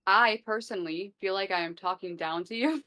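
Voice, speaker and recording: A woman with a Southern American accent chatting quickly and laughing often on a voice call. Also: mid-range voice, bright, forceful tone. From Southern United States. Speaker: guest streamer. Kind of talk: casual chat. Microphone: online voice call.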